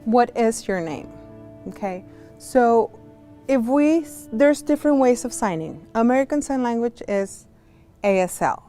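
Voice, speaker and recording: A woman teaching a virtual class as a sign language interpreter, slow and clear, going through letters one by one and explaining with friendly examples and asides. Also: fairly high pitch, expressive, mellow, soft background music. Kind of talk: casual instructional talk. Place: home, on a video call. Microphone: video call.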